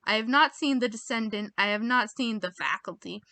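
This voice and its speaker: American girl chatting thru a quiz, kinda high voice, laughs at herself a lot, dry close sound. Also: brisk, gravelly, sharp tone, no echo. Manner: giggly, self-mocking, muttering while reading options. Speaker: video creator taking online quizzes. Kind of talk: casual chat reading quiz questions aloud.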